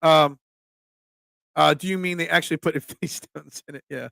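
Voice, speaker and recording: A man's voice: fairly high pitch, fairly even intonation, moderate pace, creaky, fairly bright tone, dry recording. A middle-aged man with a Delco accent from the Philadelphia area, rambling bluntly through casual sports talk and replies to chat as a host. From Delaware County, Pennsylvania. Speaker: host, pizza shop owner.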